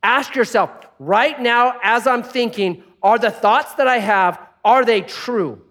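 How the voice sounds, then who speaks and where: A male pastor giving a sermon, telling stories with humor and dropping soft for prayerful points. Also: very high voice, slow pace. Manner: animated storytelling with jokes.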